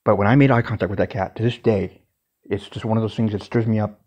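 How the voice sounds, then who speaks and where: A man's voice: fairly low pitch, fairly even intonation, quick pace, a little mellow. A man telling a personal story casually, in an intense, emphatic way and with some swearing.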